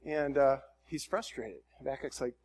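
A man preaching a conversational sermon in a relaxed, folksy way, with frequent fillers and restarts. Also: medium pitch, normal speed. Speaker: pastor.

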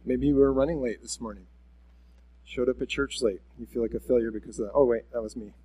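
A man's voice: mid-range voice, fairly even intonation, fast talker, dark tone, breathy edge. A man preaching a conversational sermon at a church service, speaking candidly and directly to his listeners with self-deprecating honesty. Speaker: pastor.

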